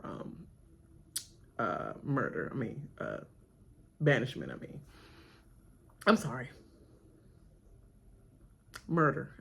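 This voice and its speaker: A woman reacting live to a reality competition, talking in a lively, sing-song way that jumps up into high squeals when she imitates people. Her voice is husky with a gravelly fry underneath. She laughs through her retelling and keeps the rant going. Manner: animated retelling, acting out cast members' voices with laughter. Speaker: reaction channel host.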